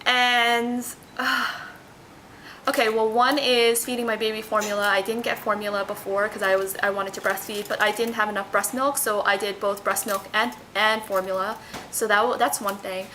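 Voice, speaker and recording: A woman's voice: mid-range voice, flat delivery, moderate pace, sharp tone, slight background noise, rough recording. A young woman talking casually to her camera at home, answering a list of questions and rambling with many fillers and restarts. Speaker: vlogger.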